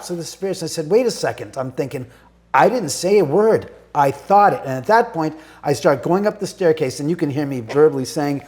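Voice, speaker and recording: A man's voice: sits high, a little mellow. A middle-aged man, a homeowner guest, telling his story vividly and acting out his own thoughts. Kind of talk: animated storytelling.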